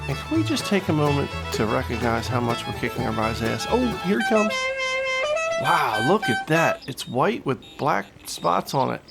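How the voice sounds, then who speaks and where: A man giving casual, joking play-by-play commentary as host of a gaming video, excitable and full of trash talk. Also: mid-range voice, normal speed, creaky, loud music behind the voice.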